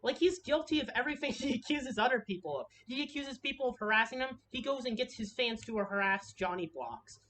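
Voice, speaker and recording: A woman's voice: high-pitched, fairly quick, few pauses, fairly bright tone. Woman, harsh ranting commentary, swears a lot, stumbles and restarts, faint background noise. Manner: harsh, heated, swears freely, frequent restarts. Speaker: commentary video creator.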